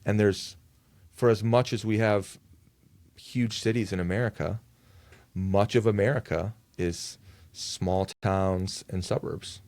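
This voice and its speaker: A man who is a lead pastor, talking as a guest on a podcast in a thoughtful, measured way with frequent fillers. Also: fairly low pitch, fairly even intonation, a little mellow, no room sound. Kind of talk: conversational podcast interview.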